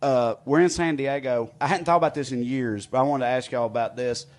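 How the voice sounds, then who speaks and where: Male comedy podcast co-host, mid-pitched, loose profane storyteller. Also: fairly even intonation, a little fast. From Kansas. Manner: loose storytelling, swears a lot, laughs often. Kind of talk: casual comedy chat.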